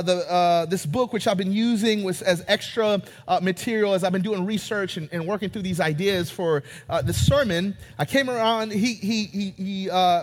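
Brief: male pastor, lively and joking, high voice, long hall reverb. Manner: animated, joking, retells scenes in character voices. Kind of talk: sermon. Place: church sanctuary.

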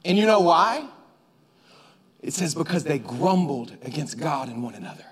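A man with a notably high voice preaches a sermon in a church sanctuary. He keeps it conversational and casual, then climbs into shouts when he drives a point home. His voice rings out with the long reverb of a large hall. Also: sing-song, normal speed. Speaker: pastor.

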